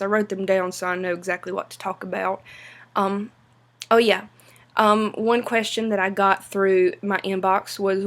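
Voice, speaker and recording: A young woman from western North Carolina talks to her camera in a relaxed vlog. Her Appalachian Southern accent is strong, and her pitch stays fairly level. She takes her time, filling the gaps with soft "um"s. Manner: unhurried, many "um" pauses. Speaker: vlogger. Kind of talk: casual explanatory vlog.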